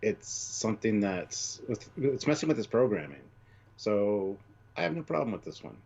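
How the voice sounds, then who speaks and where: Husky low-voiced man on a dull stream. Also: normal speed. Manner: reads out donor names, lively banter. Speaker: podcast co-host. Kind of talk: casual live-stream chat.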